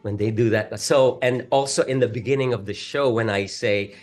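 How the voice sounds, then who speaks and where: A man with a Filipino accent, a stage actor talking earnestly in a casual chat, excitable and stumbling over restarts. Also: mid-range voice, moderate pace, soft background music. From Philippines. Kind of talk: casual conversation.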